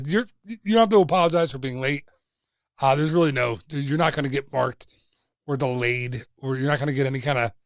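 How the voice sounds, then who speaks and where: Young man, trivia livestream host, chatty and jokey, slightly high voice, dry close sound. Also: no room sound. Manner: chatty, reads out viewer answers, jokey asides.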